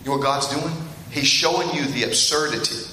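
A middle-aged man preaching a sermon in a church, talking straight to the congregation and telling stories in an animated way that gets him laughing. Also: on the high side, a little fast. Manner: storytelling, animated and laughing at funny parts; addresses the congregation directly. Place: church hall. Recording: echoey hall with faint room noise.

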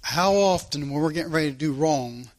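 A man's voice: a little high, brisk. A man preaching a sermon, folksy and emphatic, reading scripture aloud and acting out the people in the story. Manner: folksy, acts out Bible characters, emphatic.

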